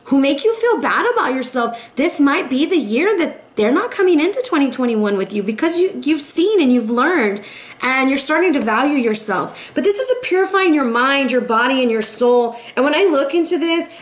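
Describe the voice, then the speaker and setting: A woman's voice: sits high, expressive, moderate pace. Chatty, emphatic tarot-reading woman. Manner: chatty and emphatic, often asking "right?". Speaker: tarot reader. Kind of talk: monthly tarot reading to camera.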